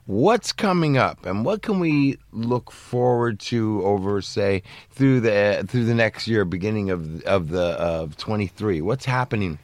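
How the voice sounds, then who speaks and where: A man co-hosting a podcast, asking questions in a halting way as he searches for words. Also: lowish voice, animated, no room sound. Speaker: podcast co-host. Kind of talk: casual interview questions. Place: podcast studio.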